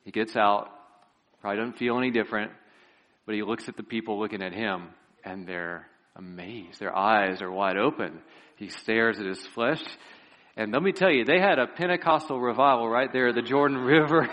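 A man's voice: medium pitch, moderate pace. Earnest male preacher telling a Bible story. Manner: vivid storytelling retelling a Bible story with lively asides; earnest, pleading delivery. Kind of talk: sermon.

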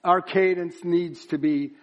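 A man's voice: high-pitched, steady tone, takes it slowly, muffled recording. A man preaching a sermon at a church service, building up to emphatic repeated phrases. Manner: builds to emphatic chanted repetition.

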